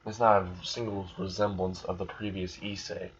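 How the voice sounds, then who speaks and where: A man's voice: low-pitched, flat delivery, normal speed, a little hiss or hum. A man casually retelling a fan story, rambling along with fillers and restarts. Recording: muffled lo-fi recording.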